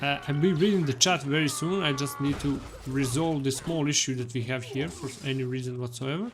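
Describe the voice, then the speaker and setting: A man's voice: medium pitch, fairly quick, noisy background. A young man streaming a video game live, cheerfully greeting viewers and reading the chat aloud, laughing often.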